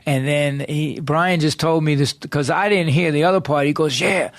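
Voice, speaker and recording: Man, storyteller, swears a lot, slightly high voice, dry close studio sound, acts out other voices. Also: normal speed, no echo. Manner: profane, animated, acts out quoted voices. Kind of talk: casual storytelling. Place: podcast studio.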